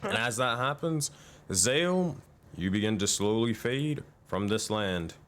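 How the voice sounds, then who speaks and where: Chill guy running a tabletop game, low lively voice, swears a lot, lil bit of noise. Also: measured pace. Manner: laughing, loose and profane. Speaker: game master.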